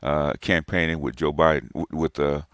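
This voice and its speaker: Deep-voiced man in casual banter. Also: fairly even intonation, normal speed, fairly bright tone, no echo. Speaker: podcast co-host. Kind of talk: casual chat.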